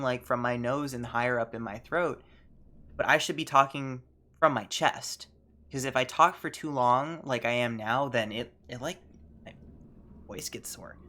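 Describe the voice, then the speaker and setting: A young man chatting casually while streaming a video game, self-conscious and quick to laugh. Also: medium pitch, pushed and bright. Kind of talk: casual gaming stream commentary.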